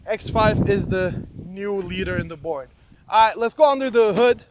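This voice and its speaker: High-voiced, slangy young car reviewer. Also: male voice, a little slow. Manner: slangy and joking, says "bro". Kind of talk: casual car review vlog.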